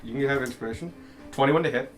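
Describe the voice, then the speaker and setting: A man narrating a tabletop game as game master, lively, laughing and swearing freely. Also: medium pitch, quick pace, music in the background.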